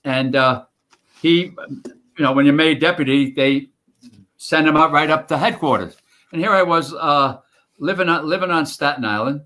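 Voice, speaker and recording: A man's voice: on the high side, moderate pace, bright, forceful tone. An older man, a retired firefighter telling rambling stories on a podcast, full of fillers and restarts. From New York. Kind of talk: casual storytelling interview.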